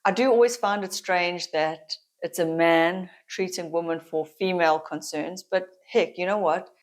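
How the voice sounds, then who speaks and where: Chatty South African woman, lowish voice. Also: fairly even intonation, normal speed. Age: middle-aged. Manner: chatty, candid, laughs often, confiding. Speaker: vlogger. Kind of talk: casual chat to camera.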